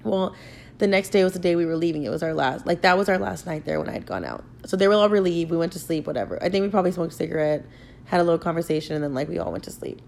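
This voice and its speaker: A woman's voice: fairly low pitch, expressive, very fast, creaky, darkish tone, slight background noise. A young woman podcast host casually telling a profane, rambling story, filling her talk with "like". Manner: profane, rambling, heavy use of "like".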